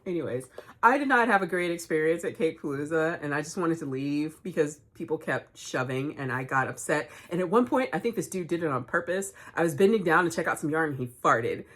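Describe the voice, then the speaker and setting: A woman, hosting a knitting vlog, telling stories in a chatty, animated way and laughing often. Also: sits low, brisk. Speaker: knitting podcast host. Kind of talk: casual storytelling vlog.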